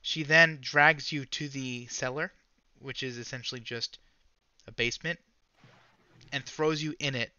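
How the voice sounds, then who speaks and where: A man narrating as game master of a tabletop game, casual and halting with fillers. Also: mid-range voice, fairly even intonation, sharp tone, smooth, no echo, muffled recording.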